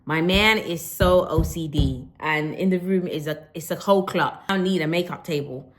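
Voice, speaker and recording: Give me a woman vlogging casually at home, animated, slipping into patois. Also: deep voice, moderate pace. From Jamaican roots. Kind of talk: casual vlog chat.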